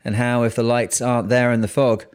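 A man reading the lines of a testy, grumbling old sea captain in his sixties with a gruff, growling voice. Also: mid-range voice, little pitch movement, brisk, close to an everyday voice. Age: 60s. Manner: bitter, grumbling. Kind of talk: audiobook character voice.

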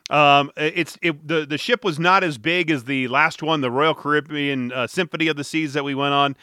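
This podcast host's voice sits on the high side, pushed and bright yet clear and resonant, with fairly even intonation at a moderate pace. He rambles through casual stories, amused and cutting himself off, in a dry, clean studio recording.

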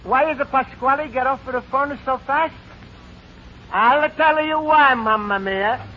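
A man's voice: extremely high pitch, unhurried. An actor playing a sentimental Italian immigrant man in broken English with an Italian accent, in 1940s radio sitcom acting. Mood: excited, sentimental. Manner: broken English, laughing and emotional. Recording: dull 1940s radio broadcast, faint audience and hiss.

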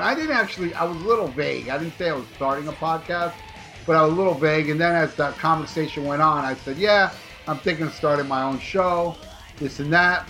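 Podcast co-host, man, rambling and profane, bright forceful tone, slightly high voice, faint music behind. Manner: animated, profane, rambling with restarts. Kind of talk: casual podcast storytelling.

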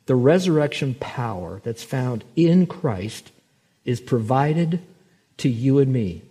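A man pastor preaching a sermon, telling a story and slowing down to stress scripture. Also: mid-range voice, big pitch swings, mellow, breathy edge. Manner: storytelling, slows and swells for emphasis on scripture.

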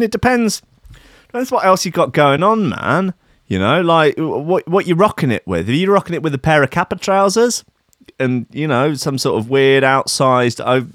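A man's voice: mid-range voice, a bit bright, no room sound, studio quality. A man, riffing sarcastically on an odd news story, swearing and rambling. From Australia. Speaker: comedy commentator. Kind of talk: sarcastic comedic news riff.

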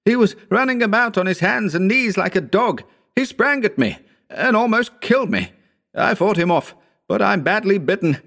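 A man's voice: lively intonation, normal speed, vocal fry, fairly bright tone, exaggerated voice. A man voicing a wounded, panicked man in an audiobook reading, strained and urgent. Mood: shaken, urgent. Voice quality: strained high pitch. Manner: gasping, urgent pleading. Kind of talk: audiobook character voice.

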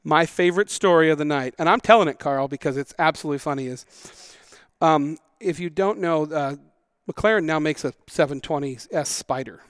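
A man hosting a casual car podcast, rambling and self-mocking, quick to laugh. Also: a little high, smooth, dry recording, studio quality. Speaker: podcast host. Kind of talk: casual chat.

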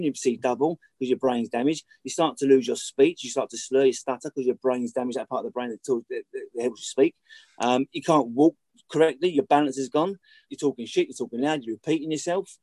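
A man's voice: fairly high pitch, darkish tone, dry recording. A middle-aged man talking as a podcast guest, telling stories candidly and bluntly, swearing often and repeating his points for emphasis. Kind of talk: candid conversational storytelling.

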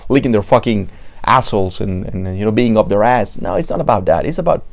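A man's voice: lowish voice, lively intonation, fairly quick, gravelly. A man from Mexico, a native Spanish speaker, hosting a podcast in English with a Mexican Spanish accent, talking casually, swearing and stumbling over repeated words. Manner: profane, repetitive restarts, acts out quoted people. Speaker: podcast host. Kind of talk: casual monologue.

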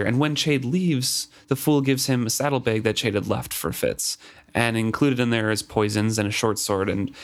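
A man co-hosting a podcast, discussing a book in a thoughtful, hesitant manner. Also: mid-range voice. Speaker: podcast co-host.

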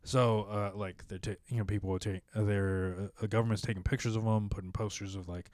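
A man with a lowish, smooth voice tells a story on a podcast in loose, casual chat. He rambles along with plenty of fillers and acts out the voices of the people he quotes. The sound is dry and close. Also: fairly even intonation, brisk, hardly any pauses, darkish tone, no room sound. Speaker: podcast host telling a story.

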